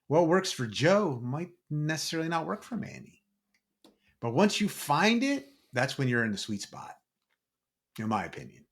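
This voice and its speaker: A man's voice: on the high side, big pitch swings, moderate pace. A man co-hosting a casual talk, making emphatic points and often asking "right?" to check in. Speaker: podcast co-host. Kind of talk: casual conversation.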